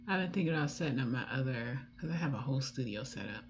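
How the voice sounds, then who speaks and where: Woman, D.C. accent, deep speaking voice, rambling beauty-vlog chatter with quiet muttered asides. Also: animated, fast, a little hiss or hum. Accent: Washington, D.C. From Washington, D.C. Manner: rambling, chatty, drifts off topic; soft muttered asides while applying lipstick. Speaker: beauty vlogger. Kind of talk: casual chat while doing makeup.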